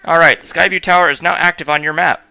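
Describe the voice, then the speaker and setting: A man's voice: on the high side, fairly even intonation, fast, gravelly, sharp tone, clean tone, no echo, pitched above the performer's own voice, full character voice. A man voicing a perky, upbeat young woman scientist in a video game, giving chirpy, bossy instructions. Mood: instructive.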